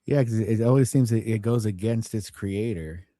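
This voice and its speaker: Low-key man with a dark voice. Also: moderate pace, no room sound, clean studio sound. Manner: low-key, brief replies. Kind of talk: casual chat.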